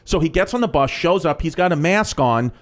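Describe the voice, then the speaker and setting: A man telling profane, animated comic stories on a podcast, often breaking into laughter. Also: fairly high pitch, a little fast. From New York. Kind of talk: podcast storytelling.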